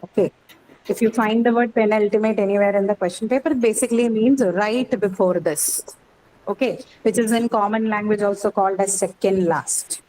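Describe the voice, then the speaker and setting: A woman's voice: mid-range voice, steady tone, fairly quick, darkish tone, poor audio. A woman teacher giving a lecture, explaining step by step and often checking in with her students. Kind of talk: classroom lecture.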